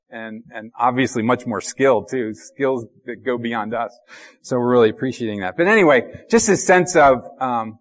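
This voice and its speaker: A middle-aged man preaching a sermon as pastor, talking in a conversational, halting way with fillers and repeated words. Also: mid-range voice.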